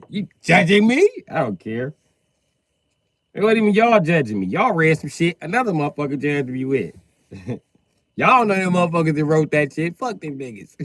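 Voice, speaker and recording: Brief: male stand-up type, AAVE, lively swooping pitch, dry close sound, profane rant. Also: moderate pace, long pauses, no room sound. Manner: profane, animated, acts out characters with shouted voices. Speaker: comedian livestreaming. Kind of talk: comedic rant.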